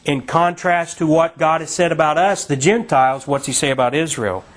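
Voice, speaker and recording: A man's voice: on the high side, normal speed. Man teaching a Bible study, emphatic. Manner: conversational, emphatic teaching with fillers. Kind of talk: sermon-style Bible study.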